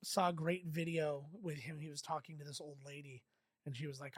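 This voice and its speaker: A man's voice: on the high side, level tone, brisk, fairly bright tone, no room sound, studio quality. A man co-hosting a casual movie commentary, telling rambling anecdotes full of fillers and swearing. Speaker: podcast co-host.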